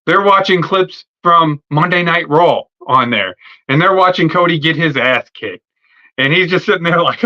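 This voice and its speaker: A man with a raised, bright, edgy voice riffs casually, swearing and stumbling over fillers as he lays out how he'd book the show. The stream audio sounds dull and lo-fi. It comes across as an unscripted solo rant. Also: on the high side, normal speed. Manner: profane, rambling, filler-heavy. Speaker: wrestling podcast host. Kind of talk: casual fantasy-booking rant. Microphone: streaming setup mic.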